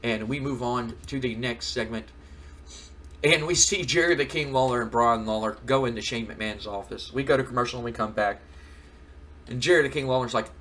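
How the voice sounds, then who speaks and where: A man narrates his progress through a wrestling management game in a loose, rambling way. His voice is husky and middle-pitched, and he fills pauses with "you know" and "um.". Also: fairly bright tone. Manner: rambling, filler-heavy recap. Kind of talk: casual let's-play narration.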